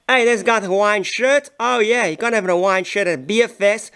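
A man giving playful, excitable comic voice-over commentary. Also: high-pitched, quick pace, few pauses, smooth. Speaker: voice-over narrator.

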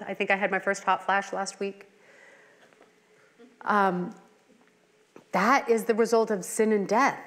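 A middle-aged woman leading a women's Bible study in a conversational teaching style, earnest and full of personal asides and rhetorical questions. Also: mid-range voice. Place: church hall. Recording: long hall reverb.

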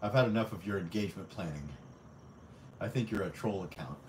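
A young male streamer with a deep voice speaks briskly, reading viewer comments in a casual livestream with crude, playful teasing and frequent laughter. He's recorded from a distance, off-mic, in an echoey room with a faint hum.

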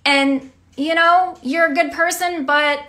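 A woman voicing God, who is content in his perfect heaven and speaks in a relaxed, matter-of-fact way, a little higher than her own voice. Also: slow pace, exaggerated voice.

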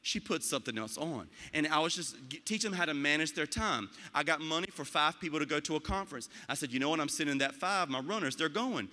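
A man giving a motivational talk about school leadership, animated and acting out quoted voices. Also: fairly high pitch, fast, hardly any pauses, big-room sound. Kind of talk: motivational speech.

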